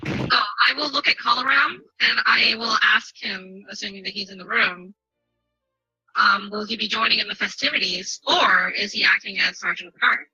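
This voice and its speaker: Bright, husky-voiced woman player. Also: medium pitch, moderate pace, dull audio, soft background music. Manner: hesitant, asks questions out of character. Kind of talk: tabletop role-play over voice chat. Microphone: online voice call.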